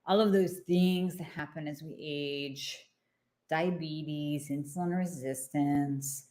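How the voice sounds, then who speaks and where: A middle-aged woman doctor gives a straight-talking health talk to her viewers. Her voice sits a little low, and she delivers her points with blunt emphasis and casual asides. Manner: blunt, emphatic, conversational, with asides and acted quotes. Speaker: hormone doctor and host. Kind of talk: direct-to-camera health talk.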